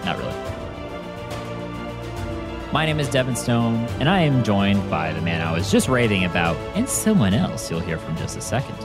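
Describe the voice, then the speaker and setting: Hyped-up animated male podcast host. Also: lowish voice, moderate pace, long pauses, music in the background. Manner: animated, hyped, swears freely. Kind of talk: excitable podcast chat. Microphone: remote recording setup.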